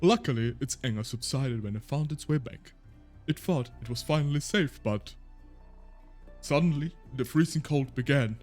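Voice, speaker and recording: A man's voice: mid-range voice, normal speed, a little mellow. Man, game streamer, reading text aloud, casual chat, laughs often, faint music behind. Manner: chatty, laughs often, stumbles and restarts.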